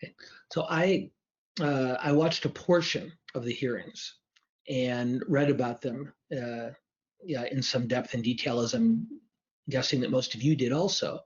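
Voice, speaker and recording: Analytical man on a lo-fi livestream. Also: medium pitch. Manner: measured and analytical, with hedges and repeated restarts. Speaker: politics professor answering audience questions. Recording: dull lo-fi stream audio.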